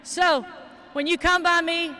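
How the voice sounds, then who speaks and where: High-voiced emotional man welcoming graduates. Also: flat delivery, unhurried. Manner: warm, emotional, affectionate toward students. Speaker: school administrator welcoming graduates. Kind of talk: ceremony welcome speech. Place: large stadium.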